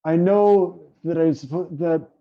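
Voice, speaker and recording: A man's voice: on the high side, unhurried, highs cut off. A man playing in a tabletop game, casually chatting, hesitating a lot and swearing offhand. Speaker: player.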